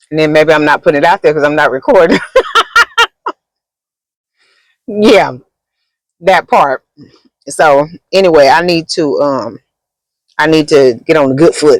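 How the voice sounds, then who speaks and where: Sitting in a car, a woman content creator with a deep voice rambles chattily through a vlog while eating, using plenty of fillers. The recording is rough but has no echo.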